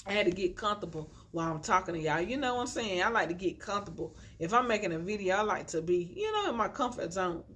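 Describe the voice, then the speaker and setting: A young adult woman talks quickly in a sing-song, medium-pitched voice that's a bit bright, barely pausing. She's an inspirational vlogger on the floor at home, speaking into a phone on a tripod with a ring light, chatty and preachy as she encourages viewers and keeps saying "y'all."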